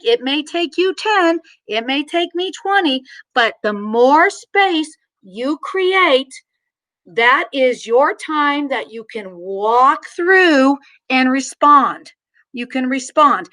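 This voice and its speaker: A middle-aged woman teaching a mindfulness lesson, gently guiding listeners through gestures and slow breaths. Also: sits high. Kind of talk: guided mindfulness lesson for children.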